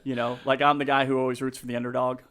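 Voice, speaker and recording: A man's voice: mid-range voice, level tone, fairly bright tone. A man who works as a real estate agent, a guest in a casual podcast interview, talking earnestly with many restarts and fillers. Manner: halting, full of restarts and fillers; earnest, gets emotional and laughs.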